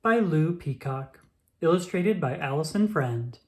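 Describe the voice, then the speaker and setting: A woman reading a children's picture book aloud, expressive and slow. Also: low voice. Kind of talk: storybook read-aloud.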